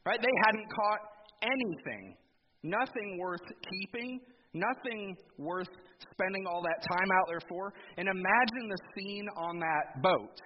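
A man with a fairly high voice preaches to a church in an easy, conversational way, peppering his sermon with rhetorical questions. The recording is dull and lo-fi, with a long hall reverb and a clear hiss of background noise. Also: lively intonation, measured pace. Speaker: pastor.

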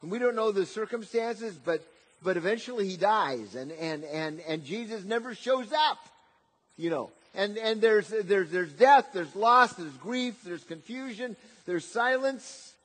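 A man preaching a sermon, often repeating words and swinging between loud emphatic lines and quiet, soft passages. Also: high voice, lively intonation, a little slow, breathy edge.

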